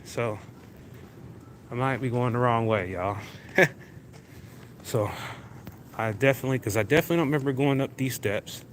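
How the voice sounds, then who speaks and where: A man's voice: medium pitch, normal speed, pauses often. A man hosting a casual livestream, rambling in an easygoing way and talking to viewers as he walks through a large indoor venue on a phone mic. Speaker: livestream host. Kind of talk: casual walking livestream chat. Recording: noisy venue background.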